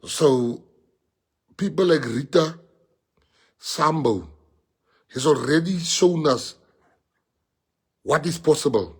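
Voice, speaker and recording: A middle-aged South African man with a South African accent leads his party and rallies supporters on a livestream. His voice is fairly high and slightly rough, and he speaks slowly with long pauses. He is emphatic and repetitive, and he drops in Afrikaans phrases.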